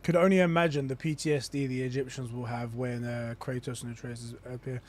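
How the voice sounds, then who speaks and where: A man's voice: medium pitch, flat delivery, fairly quick. A young adult man chatting casually on a live stream, theorizing in a rambling way with lots of restarts. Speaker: gaming streamer.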